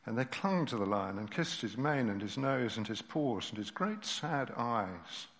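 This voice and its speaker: A male preacher reading a story and expounding scripture, his medium voice swelling and falling to near hush. The long reverb of a church hall trails every phrase. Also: medium pitch, unhurried. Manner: expressive, dropping to near-whispers at moving moments. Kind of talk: sermon with read story.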